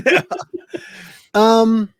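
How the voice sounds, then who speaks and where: A man playing in a tabletop game, chatty and quick to laugh as he talks through his moves. His voice sits high for a man, and the recording is dry, close and without room sound. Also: fairly even intonation, clean tone, no echo. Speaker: player. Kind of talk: casual game chat.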